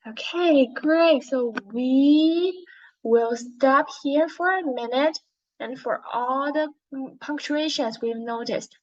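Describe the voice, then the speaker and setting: A woman's voice: high-pitched, slow, highs cut off. A woman teaching an English reading lesson to young learners, patient and encouraging, modelling how to read with expression.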